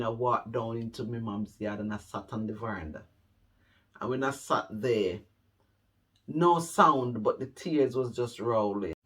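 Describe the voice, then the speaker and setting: Jamaican man, middle-aged, vlog storytelling; slow, earnest, repetitive; mic set back a bit. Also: mid-range voice, a bit bright, far from the mic. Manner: slow, heartfelt, repeats phrases for emphasis. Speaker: vlogger telling his life story. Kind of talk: personal storytelling to camera.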